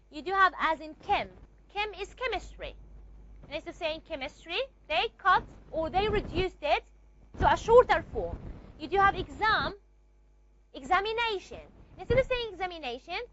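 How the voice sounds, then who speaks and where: A woman with a high, fairly bright voice gives a recorded classroom lecture on linguistics, though the recording is muffled. She repeats herself, poses rhetorical checks, and uses frequent fillers.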